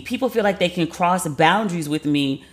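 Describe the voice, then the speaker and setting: A woman's voice: on the low side, moderate pace. Candid, profane woman telling a story. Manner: candid, profane, animated retelling with quoted asides. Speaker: podcast host. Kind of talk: casual storytelling monologue.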